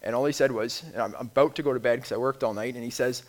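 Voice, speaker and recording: A man's voice: mid-range voice, steady tone. Plain-spoken man giving a lay sermon. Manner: plain-spoken, with frequent restarts and ums; reads scripture slowly, then talks informally. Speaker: lay speaker and youth leader.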